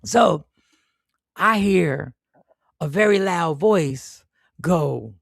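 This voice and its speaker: Gravelly podcast guy swearing his way through a work story, dry close sound. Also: a little high, drawn-out words, long pauses, no echo. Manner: profane, animated storyteller, acts out quoted voices. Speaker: podcast host. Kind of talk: casual chat storytelling.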